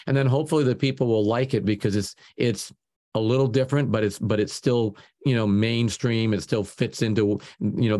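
A man speaking as a guest producer in a casual interview. His pitch sits in an ordinary middle range. He rambles and doubles back on words while he explains. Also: a little mellow. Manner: rambling, repeats words often as he thinks.

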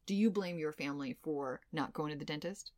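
A woman's voice: low-pitched, brisk, a little mellow, no echo, clean studio sound. A woman co-hosting a podcast who explains research in a playful, casual way; English is not her first language. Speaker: podcast co-host. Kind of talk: casual chat.

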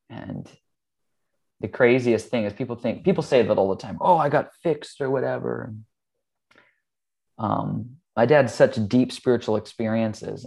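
Man, casual storytelling, gravelly edge, deep voice, lots of ums. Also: a little mellow. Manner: earnest, rambling, frequent ums. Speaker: guest.

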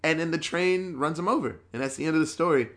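A man's voice: on the high side, fast talker, a bit bright. A man in a casual chat, recapping a horror movie in a rambling, profane way with lots of fillers.

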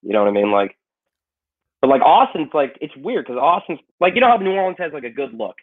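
A man's voice: fairly high pitch, very animated, fast talker. A man with a Chicago accent in a casual podcast chat, rambling with lots of "you know" and swearing. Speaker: comedian moving cities. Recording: tinny phone-like sound.

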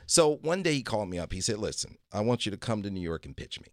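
Man telling a story, low dry voice. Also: big pitch swings, fast, no echo. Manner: acts out other people's lines, repeats "he goes". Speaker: guest. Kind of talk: casual storytelling.

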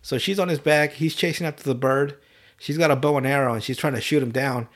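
A man casually recapping an anime on a podcast, swearing often and slipping into quick voices for the characters. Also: medium pitch. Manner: profane, animated retelling with quick voiced asides. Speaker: podcast host.

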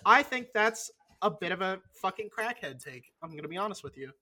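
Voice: medium pitch, animated, pushed and bright. A young adult podcast co-host in casual chat, blunt and opinionated, swearing freely and stalling with lots of fillers. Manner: loose, halting delivery with many fillers.

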